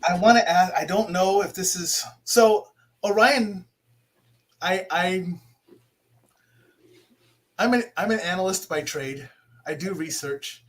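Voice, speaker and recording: A man's voice: sits high, slow, long pauses, a bit bright. A man hosting a casual live interview show, talking in a rambling, self-deprecating way with frequent restarts. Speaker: podcast host.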